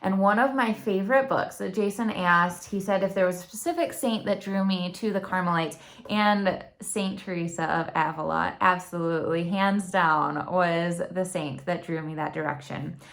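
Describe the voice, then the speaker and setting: A woman's voice: fairly low pitch, fairly even intonation, normal speed, hardly any pauses. Earnest woman with a Michigan accent. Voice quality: talkative, earnest. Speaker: YouTube channel host. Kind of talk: personal reflective monologue.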